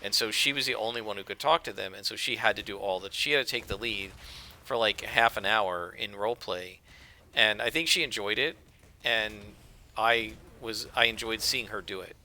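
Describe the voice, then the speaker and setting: A man's voice: fairly low pitch, normal speed, pushed and bright, slight background noise. A man casually chatting while playing a game, rambling with lots of fillers. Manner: rambling, conversational, with frequent fillers. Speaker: let's play gamer.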